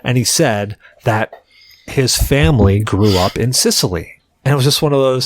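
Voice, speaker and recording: A man's voice: mid-range voice, moderate pace. A man co-hosting a podcast, telling a rambling anecdote in casual chat and filling his sentences with "like". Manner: rambling, heavy use of "like"; animated anecdote teller. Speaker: podcast co-host.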